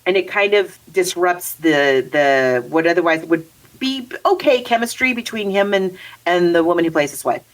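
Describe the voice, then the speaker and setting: A woman in casual conversation, reviewing a movie with a co-host. Her voice sits slightly low, and she rambles with restarts and easy laughter. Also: moderate pace, low-quality recording. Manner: chatty, rambling, laughs often. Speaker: podcast co-host.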